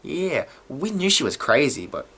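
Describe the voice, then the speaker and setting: A man giving a casual video review of a TV episode, excitable and often stumbling over his words. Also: on the high side, normal speed, slightly rough. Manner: excitable, stumbling and restarting mid-sentence.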